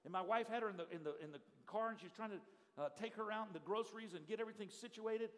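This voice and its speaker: A middle-aged male pastor, telling stories in a sermon and swinging from hushed telling to loud shouting. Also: sits high, very fast. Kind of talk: storytelling sermon. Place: church sanctuary. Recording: live church hall reverb.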